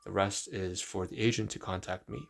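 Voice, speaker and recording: A man with a very low, gravelly voice chats on a casual live stream. He reads aloud haltingly, tripping over long words, and fills his pauses with ums and uhs as he thinks aloud. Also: fairly even intonation. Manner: thinks aloud with frequent fillers. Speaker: livestreamer.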